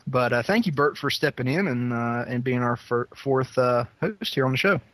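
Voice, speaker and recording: A man co-hosting a fan podcast in casual chat, relaxed and laughing often. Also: medium pitch, normal speed, no echo. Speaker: podcast co-host.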